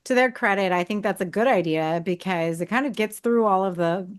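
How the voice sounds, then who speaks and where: A woman's voice: medium pitch, brisk, clear, resonant tone. A woman co-hosting a horror podcast in casual chat, talking loosely with lots of "like" and "you know". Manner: chatty, many fillers like "like" and "you know". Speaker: podcast co-host.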